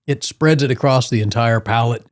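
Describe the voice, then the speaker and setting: A man's voice: mid-range voice, moderate pace. A man co-hosting a casual beer podcast, telling stories and laughing often. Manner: animated storyteller, laughs often. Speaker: podcast co-host. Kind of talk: casual chat.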